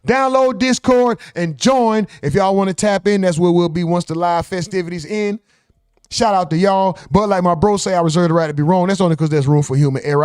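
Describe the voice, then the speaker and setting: A man's voice: on the high side, darkish tone, dry recording, clean studio sound. A man from the American South hosting a casual livestream sign-off, reading chat comments aloud in a laid-back, profane way. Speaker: livestream host.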